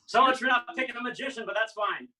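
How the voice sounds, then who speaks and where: A man's voice: very high voice, fast talker, sharp tone, recorded from a distance, rough recording. A man performing as an illusionist, delivering playful showman patter over a video call. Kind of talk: patter for a live online magic act.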